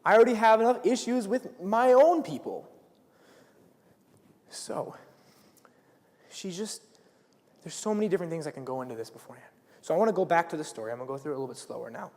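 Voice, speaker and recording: A man's voice: a little high, expressive, fast, pauses often. Earnest teenage boy preaching in a hall. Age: late teens. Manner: earnest, conversational, with restarts and "like". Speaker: student speaker. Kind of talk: youth sermon retelling a Bible story. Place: school chapel or hall, live. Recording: long hall reverb.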